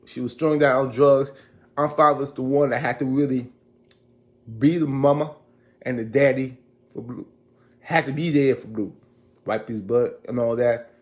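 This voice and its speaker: A man casually recapping a TV episode as a reviewer, chatty and animated, acting out characters' lines. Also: mid-range voice.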